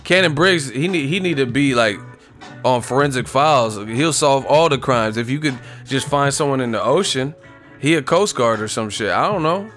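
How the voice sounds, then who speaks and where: Profane joking boxing-stream host. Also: male voice, mid-range voice, animated, moderate pace, a bit bright, faint music behind. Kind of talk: casual livestream chat.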